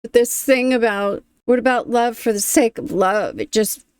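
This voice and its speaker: A woman's voice: fairly high pitch, normal speed, a little mellow, clean tone, no room sound, clean studio sound. A woman hosting a reaction video, talking casually, moved and thoughtful, often trailing off.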